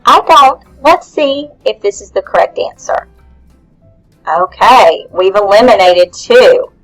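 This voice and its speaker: Slow, patient woman teacher. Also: medium pitch, poor audio. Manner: patient, questioning. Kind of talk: guided lesson for young children.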